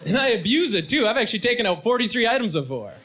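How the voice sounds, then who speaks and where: A man performs stand-up comedy in a very high-pitched, very animated voice at a very fast pace, with punchy, self-deprecating delivery. It is a live show with a loud crowd, noise and audience laughter.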